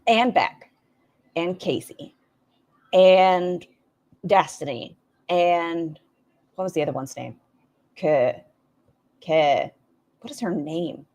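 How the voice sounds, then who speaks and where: A woman's voice: lowish voice, slow, pauses often, a little mellow. A woman hosting a reaction video, making sarcastic, profane asides. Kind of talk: casual commentary.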